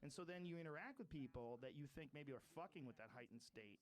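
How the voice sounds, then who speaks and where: A man in his forties in casual podcast chat, swearing freely and acting out shouted quotes. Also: on the high side, fast, few pauses. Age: 40s. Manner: profane, animated, acts out shouted quotes.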